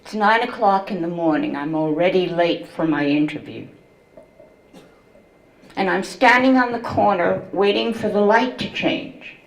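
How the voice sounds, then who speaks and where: An older woman telling her own life story, slow and deliberate, with deep feeling in her storytelling. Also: echoey room, low-quality recording. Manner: slow, deliberate, emotional storytelling with quoted voices. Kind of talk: first-person storytelling to an audience.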